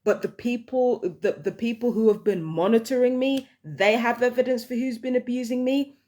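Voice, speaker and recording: A woman's voice: fairly high pitch, normal speed, darkish tone. A woman, ranting heatedly and with lots of swearing in a casual vlog monologue. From London, England. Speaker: vlogger.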